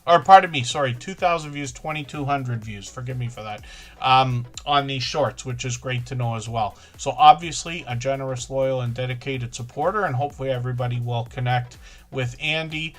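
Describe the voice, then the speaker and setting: A man's voice: mid-range voice, fairly quick. A man hosting a casual livestream, chatting in a rambling, self-correcting way with frequent fillers. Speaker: livestream host promoting small channels.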